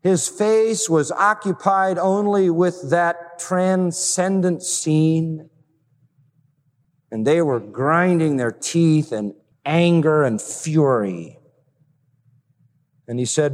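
A man preaching a sermon in an earnest, measured way, with slow emphatic pauses. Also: a little high. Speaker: pastor. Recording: hall reverb with faint music.

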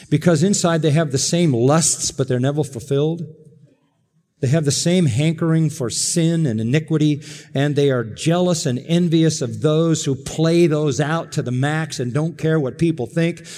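A male preacher delivers a sermon with emphatic, dramatic swings between forceful declarations and hushed asides. His voice sits a bit high for a man. The sound rings with a long reverb, as in a large hall. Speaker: pastor.

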